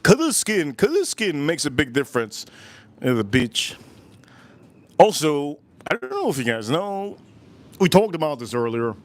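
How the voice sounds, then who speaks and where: His voice is fairly high, unhurried, and swings widely in pitch. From Miami, this man hosts a cigar review livestream, chatting in a rambling way, repeating phrases, and mimicking the voices of people he quotes.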